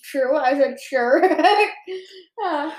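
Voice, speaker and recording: High-voiced woman in an echoey room. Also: lively intonation, very slow, slight background noise. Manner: easygoing, with many short agreeing replies. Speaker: podcast co-host. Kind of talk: casual chat reviewing a TV episode.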